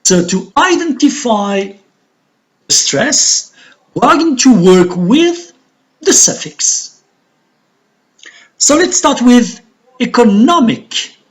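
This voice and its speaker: A woman with an Algerian accent teaching a recorded English pronunciation lesson, speaking deliberately and repeating words for drilling. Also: a little high, very animated.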